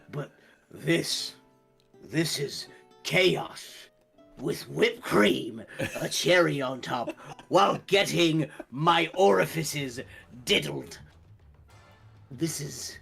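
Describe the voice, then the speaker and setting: A young man running a tabletop game as dungeon master, telling the scene in an animated way and laughing often. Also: a little high, vocal fry, husky, faint music behind. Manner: slow, animated storytelling with laughter.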